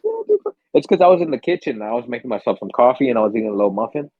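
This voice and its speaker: A young man co-hosting a podcast tells animated stories at a racing pace, cursing freely and performing screams and gasps in casual chat. His voice is medium-pitched with a breathy edge. It sounds phone-quality, with no room sound.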